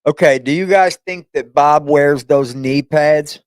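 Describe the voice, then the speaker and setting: A man hosting a reaction channel, talking casually and crudely with teasing asides and loud whoops. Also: on the high side, a little slow, smooth, dry recording.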